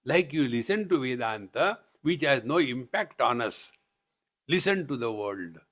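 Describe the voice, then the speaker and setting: A man's voice: mid-range voice, very animated, unhurried, fairly bright tone. A man with an Indian English accent giving a live spiritual discourse at a retreat, teasing and chanting as he teaches. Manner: playful, teasing asides and chanting. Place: retreat hall.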